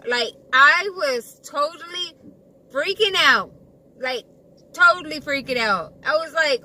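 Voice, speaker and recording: A woman's voice: high-pitched, lively intonation, slow. A woman telling a rambling storytime, full of likes and repeats. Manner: rambling, repeats herself, many likes and fillers. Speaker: vlogger. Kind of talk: casual storytime chat. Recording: distant mic, loud traffic noise.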